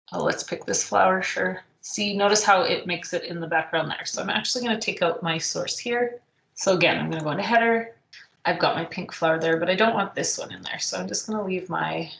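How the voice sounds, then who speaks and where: A woman teaching a software tutorial, thinking aloud as she clicks through the steps, with frequent ums. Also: on the low side. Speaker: instructor. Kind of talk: screen-recorded software tutorial. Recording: echoey room.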